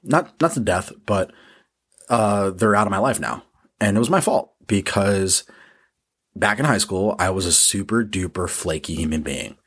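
A man with a low, husky voice talks straight through a casual motivational monologue as a podcast host. He swears often and pokes fun at himself while staying blunt. His tone is rough rather than polished. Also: animated, moderate pace, fairly bright tone. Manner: profane, blunt, self-deprecating.

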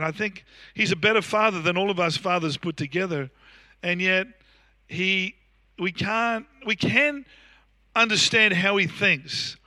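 An Australian man in his sixties delivers a sermon in an easy, anecdotal way, with plenty of fillers and restarts. His voice sits high for a man and rings very bright. The sound is dry and close. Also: unhurried, no room sound. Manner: anecdotal, conversational preaching with frequent fillers and restarts. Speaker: pastor. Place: church.

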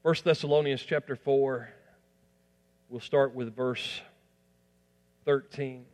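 Brief: man delivering a sermon in a reverberant church, rising emphasis then soft asides. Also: medium pitch, steady tone, slow. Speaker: pastor.

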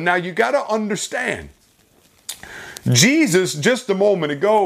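A man delivers an earnest sermon to his congregation. His voice sits a bit higher than most men's. He builds his points into emphatic, rising runs of phrases. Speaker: pastor.

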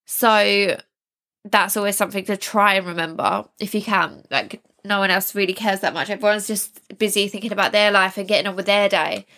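A woman's voice: medium pitch, moderate pace, sharp tone. A young woman hosting a self-help podcast, talking casually and reassuringly with small laughs and restarts. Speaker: podcast host. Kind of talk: casual solo podcast talk.

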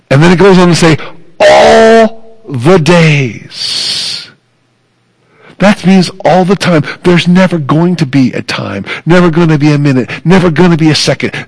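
Slow gravelly-voiced male preacher. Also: fairly high pitch, low-quality recording. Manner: earnest, emphatic preaching with repeated phrases. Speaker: pastor. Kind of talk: sermon.

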